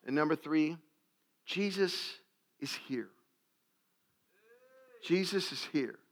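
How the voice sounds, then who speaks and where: A man preaching a sermon to a congregation, animated and jokey, acting out little scenes. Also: fairly high pitch, takes it slowly. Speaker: pastor.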